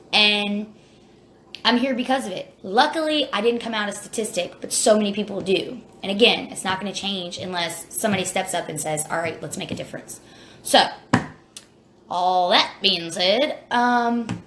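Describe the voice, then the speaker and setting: A woman speaks to her phone camera, blunt and worked up, with a plain, everyday tone. Her pitch sits in a middle range, and a faint hum runs under her words. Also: fairly bright tone. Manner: blunt and impassioned, plain-spoken with some swearing. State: near tears. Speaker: former prisoner sharing her story. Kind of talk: casual direct-to-camera video.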